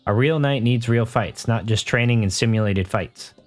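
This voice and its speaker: A man's voice: mid-range voice, normal speed, faint music behind, natural voice. Man doing a proud quest-giver from a fantasy game, lofty declaiming reading, plain male voice. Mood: grand. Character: bold male knight-challenger villager.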